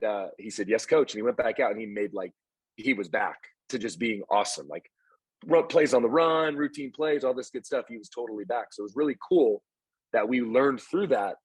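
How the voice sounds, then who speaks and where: A man's voice: medium pitch, husky, no room sound. A man who coaches baseball and hosts a podcast, telling stories in casual chat and acting out what people said. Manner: animated storyteller, acts out quoted lines.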